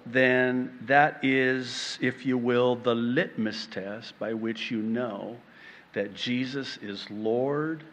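A man preaching a sermon, slow and dramatic, breaking into playful acted-out quotes and laughter. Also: medium pitch, a bit bright, big-room sound.

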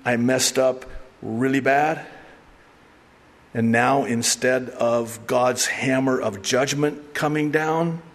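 A middle-aged male pastor giving a conversational, animated sermon with asides and laughter. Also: medium pitch, long reverb tail. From raised by an Arab mother.

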